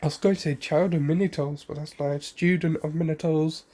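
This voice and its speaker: A man's voice: a little high, steady tone, brisk, mellow. A man casually retelling a fan story, rambling with fillers, self-corrections and the odd cough.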